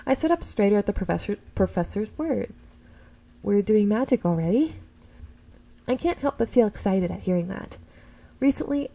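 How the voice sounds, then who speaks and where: Woman streamer narrating a story game, mellow and gravelly, reads expressively and fixes her stumbles. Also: mid-range voice, low-quality recording. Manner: expressive first-person reading, slips and corrects herself. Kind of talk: reading a visual novel aloud with asides.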